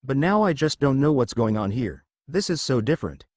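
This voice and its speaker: An earnest superheroine, troubled and explaining, as a man reads her, in a mid-pitched voice with a lively lilt. The recording is dry. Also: brisk, no room sound.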